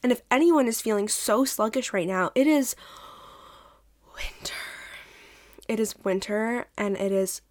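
A woman's voice: fairly high pitch, normal speed, few pauses. A woman in her twenties hosting her own podcast, talking candidly and chattily in a casual solo monologue, swearing now and then. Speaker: podcast host.

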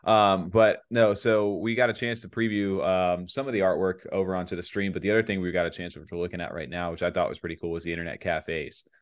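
A man's voice: low voice, steady tone, fast, hardly any pauses, highs cut off. A man co-hosting a podcast in a casual, rambling way, with many fillers. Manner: rambling, laid-back, many fillers and laughs. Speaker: podcast co-host.

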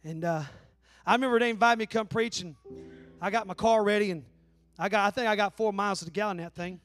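A man's voice: high-pitched, fast talker, a bit bright, soft background music. A man, preaching a sermon in a folksy, joking storytelling way. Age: 40s. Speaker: pastor. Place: church.

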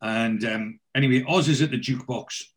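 A man's voice: mid-range voice, brisk, slight background noise. A man hosting a podcast, recapping a TV episode in casual chat, rambling with lots of fillers. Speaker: podcast host.

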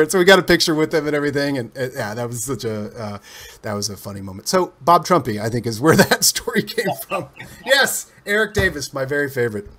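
A man from Cincinnati, a guest telling long, animated anecdotes with frequent restarts and self-corrections. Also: high-pitched. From Cincinnati, USA. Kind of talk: casual interview storytelling.

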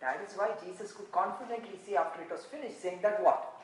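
A man preaching a sermon, animated and full of rhetorical questions. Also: high-pitched, fast, roomy sound, rough recording. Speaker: pastor.

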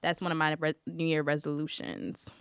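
A woman's voice: low voice, little pitch movement, normal speed, clear, resonant tone. A woman co-hosting a podcast in casual chat, speaking with emphatic affirmations. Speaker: podcast co-host.

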